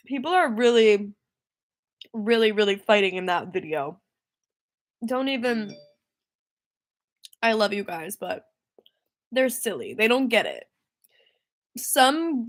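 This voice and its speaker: A young woman singer-songwriter chatting casually on a livestream, rambling and easily distracted, laughing often. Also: a little high.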